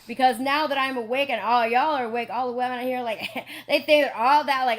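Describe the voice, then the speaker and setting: A woman's voice: sits high, brisk. A woman telling a rambling personal story on a livestream, with many giggles and "you know"s. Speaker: online preacher and streamer.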